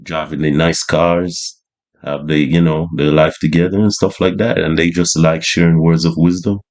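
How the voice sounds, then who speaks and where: A man's voice: very deep voice, level tone, moderate pace, darkish tone. A man talking to camera in a laid-back, slangy monologue, full of fillers like "you know what I mean". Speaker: vlogger. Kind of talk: casual monologue.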